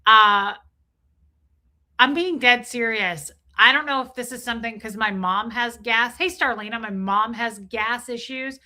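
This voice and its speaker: With a fairly high voice and a somewhat slow delivery, this forty-something livestream host reads her chat out loud. Her banter is crude, jokey and lively.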